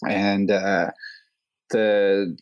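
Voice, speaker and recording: An Australian man with a fairly low voice tells a long story in a relaxed interview, leaning on fillers and slipping into livelier voices when he quotes people. The sound is dry and close, with no room echo. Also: very slow. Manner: rambling, many fillers, animated quoting. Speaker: hang glider pilot, guest.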